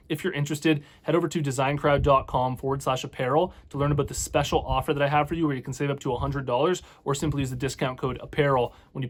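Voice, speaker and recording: A Canadian man with a Canadian accent hosting a casual business advice vlog as a clothing brand owner, talking openly and earnestly with frequent "you know" fillers. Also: on the high side.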